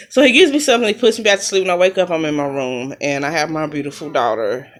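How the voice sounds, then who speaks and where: A woman's voice: low-pitched, fairly quick. A woman, casually telling a long personal story to the camera and acting out what everyone said. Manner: chatty, retelling events with quoted dialogue. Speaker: mom vlogger.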